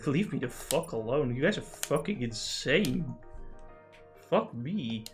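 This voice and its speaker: A man's voice: medium pitch, animated, slow, faint music behind. A man streaming a game, chatting in a rambling, jokey way and swearing freely. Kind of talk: casual gaming livestream chat.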